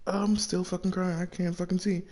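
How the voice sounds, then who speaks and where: A man's voice: high-pitched, brisk. A man giving casual let's-play commentary to his audience, swearing a lot and repeating himself as he reacts. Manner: profane, repetitive, animated reactions. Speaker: gaming channel host.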